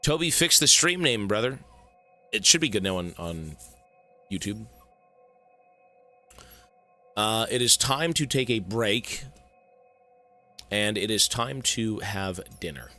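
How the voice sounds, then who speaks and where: A young male streamer chats with his viewers in a rambling, profane, off-the-cuff way. His voice is very bright and forward, and his pitch moves around a lot from line to line. Faint music plays underneath. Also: animated, measured pace, pauses often. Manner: rambling, profane, talks to chat. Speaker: game streamer. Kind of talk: casual live-stream chat.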